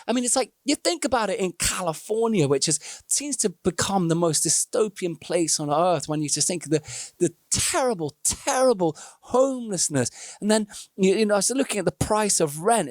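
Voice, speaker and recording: A man's voice: high-pitched, dry recording, clean studio sound. Reflective male musician giving video commentary. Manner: reflective, animated storytelling with voiced characters. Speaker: musician reacting to an ad.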